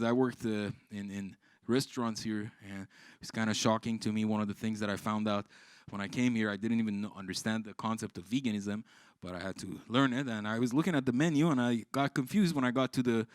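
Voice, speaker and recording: A man from Iran doing live stand-up, telling stories with swearing and shouted punchlines. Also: medium pitch, dry recording. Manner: animated, swearing, exclaiming punchlines. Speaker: stand-up comedian. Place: live comedy stage.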